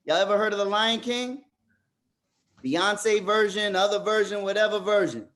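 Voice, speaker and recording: A man leading a motivational group coaching session over a video call, talking straight to the group as a lively storyteller. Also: high voice, normal speed. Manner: animated storyteller, addresses the group directly. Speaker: workshop facilitator.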